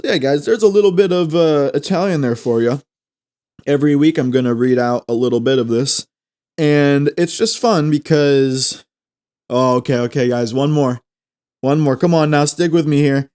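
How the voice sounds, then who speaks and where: A man's voice: a little high, normal speed, darkish tone. A young man hosting a solo podcast, chatting casually in a playful, rambling way that often trips over its own words. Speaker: podcast host.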